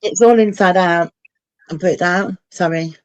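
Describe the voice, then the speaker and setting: A woman's voice: lowish voice, normal speed, a little mellow. A woman with a Geordie accent chatting on a live stream, hesitant and apologetic. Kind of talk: casual chat on a live stream.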